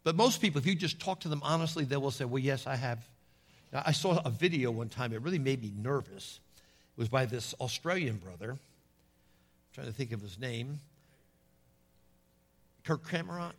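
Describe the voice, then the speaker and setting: Husky-voiced man preaching a folksy sermon. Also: medium pitch, expressive, moderate pace, long pauses. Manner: folksy storytelling, calls out "Amen?" to the congregation.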